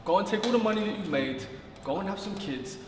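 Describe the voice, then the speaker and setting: Guy arguing on a panel, high and quick, echoey room. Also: lively intonation, a crowd in the background. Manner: argumentative, swears freely. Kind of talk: casual debate.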